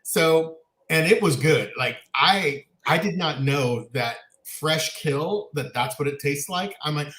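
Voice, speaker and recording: A man co-hosting a casual chat show, telling family stories in an animated way and laughing often. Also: a little high, slow pace, reverberant. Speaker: co-host.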